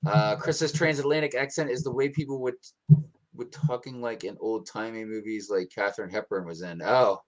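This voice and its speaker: A medium-pitched American man chats briskly as a livestream co-host. He sounds relaxed, rambles, and fills the talk with ums.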